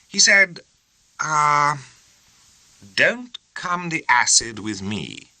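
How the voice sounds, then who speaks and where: A grave, exceedingly courteous young officer speaks in careful, formal phrases, as voiced by a male narrator. The tone is bright and the pitch moves in a lively way. The sound is dry and close. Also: very slow, no echo, heavily acted, rough recording. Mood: formal puzzled.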